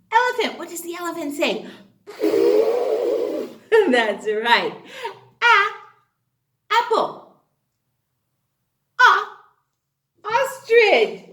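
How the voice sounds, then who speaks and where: Bubbly woman teaching phonics, echoey room. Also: on the high side. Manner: animated and sing-song, gasps and cheers often. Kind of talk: phonics lesson for young children.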